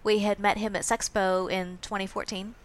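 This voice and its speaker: A woman's voice: medium pitch, level tone, normal speed. A woman with a mid-range voice co-hosts a podcast in an easy, chatty way. She often agrees with her partner and finishes his sentences for him. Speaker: podcast co-host. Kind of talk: casual chat.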